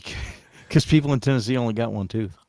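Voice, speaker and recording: A man co-hosting a casual chat, teasing dryly and often clearing his throat. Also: mid-range voice, fast talker, a little mellow, no room sound, studio quality. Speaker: co-host.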